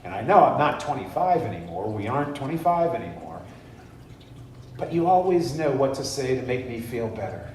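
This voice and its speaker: A dismayed aging husband begs his wife for comfort in a plaintive, drawn-out way, as a man puts him on. The voice rings through a very echoey church hall and sounds set back from the mic. Faint noise hums underneath. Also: medium pitch, big pitch swings, a little mellow, recorded from a distance, lightly acted. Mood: pleading.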